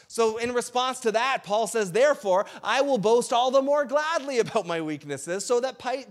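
Man, pastor, sermon, high voice, chatty preaching, often asks "right?". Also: fairly bright tone. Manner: conversational preaching with frequent "right?" asides.

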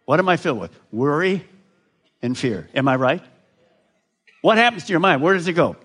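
A man preaching a sermon to a large crowd, slow and emphatic, often putting questions to his listeners. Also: a little high, sing-song, a bit bright, breathy edge. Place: large gathering addressed live.

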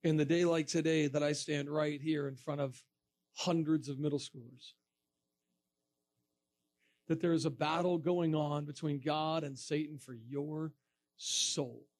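High-voiced animated male evangelist. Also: measured pace, pauses often, no echo. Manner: animated storytelling with acted quotes and laughter. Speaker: evangelist speaking to students. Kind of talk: storytelling sermon.

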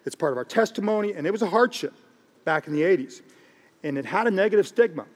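A middle-aged man, a pastor, preaching a sermon in an animated, joking way and repeating phrases for emphasis. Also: sits high, fast talker. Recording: long reverb of a large hall.

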